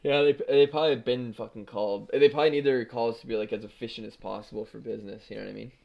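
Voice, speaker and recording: A man's voice: medium pitch, steady tone, fast, gravelly, a little mellow. A man co-hosting a casual podcast, loose and rambling, swearing as he goes. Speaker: podcast co-host. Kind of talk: casual chat.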